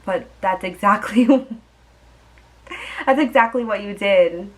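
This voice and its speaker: A woman's voice: mid-range voice, takes it slowly, rough recording. Young woman, storytime vlogger: chatty and exasperated, mid-range voice. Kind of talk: storytime vlog.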